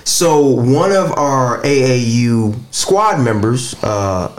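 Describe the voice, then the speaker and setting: A man's voice: mid-range voice, animated, slow. A man hosting a podcast, talking casually and animatedly with plenty of profanity. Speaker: podcast host.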